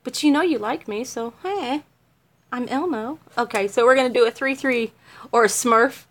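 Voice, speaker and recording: A woman's voice: a little high, normal speed. A middle-aged woman making a craft video, chatting casually on a livestream, giggly and self-mocking.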